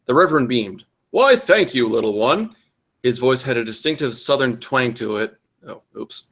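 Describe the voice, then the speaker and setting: A man's voice: medium pitch, animated, moderate pace, a bit bright, husky. Man doing exaggerated comic readings. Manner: reads with exaggerated character voices and exasperated asides. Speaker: co-host reading fanfiction aloud. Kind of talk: comedic dramatic reading.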